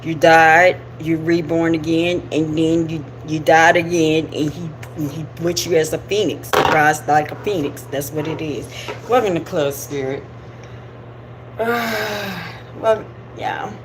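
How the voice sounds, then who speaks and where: A livestream host speaks in a low-pitched, fairly even voice at a slow pace, recorded through the stream's camera amid heavy noise. She chats informally about spirituality, wandering from point to point and laughing along the way.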